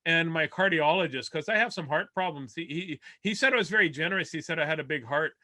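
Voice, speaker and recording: A man's voice: on the high side, quick pace, sharp tone. A male comedian from Winnipeg doing a rambling, self-deprecating stand-up set over a video call, full of restarts. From Winnipeg, Canada.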